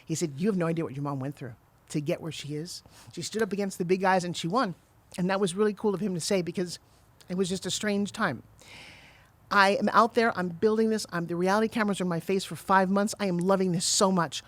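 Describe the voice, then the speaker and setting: A middle-aged woman talks very quickly as a guest on a podcast. She tells her story with energy and acts out the voices of the people in it. Her voice sounds close and dry. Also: on the low side, no echo. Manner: fast, animated storyteller who acts out quotes. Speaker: guest, TV pitch saleswoman.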